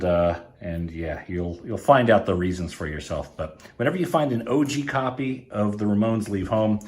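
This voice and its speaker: Male host, lower voice, casual enthusiastic unboxing vlogger. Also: a little mellow. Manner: enthusiastic, chatty, with many fillers. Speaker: podcast host and record collector. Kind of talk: casual unboxing chat to camera. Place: indoors in Australia.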